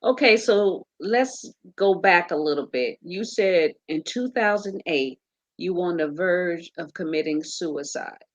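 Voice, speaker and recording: A woman hosting an interview, asking slow, halting questions full of fillers. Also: fairly low pitch, no room sound, lo-fi sound. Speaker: host.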